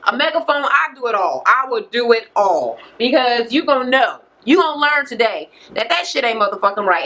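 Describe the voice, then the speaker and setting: A woman vlogger recapping a reality show in a casual, animated rant full of cursing, recorded on a camera microphone. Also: on the high side. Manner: profane, animated, heavy cursing.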